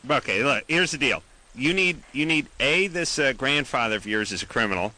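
Animated, very bright-voiced male radio host. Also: medium pitch, normal speed. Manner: animated, wisecracking, blunt. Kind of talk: call-in radio talk.

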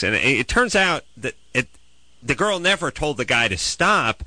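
A man's voice: medium pitch, expressive, moderate pace, pushed and bright, no echo, poor audio. A man hosting a call-in radio show, joking and rambling with fillers into a studio microphone. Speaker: radio talk show host.

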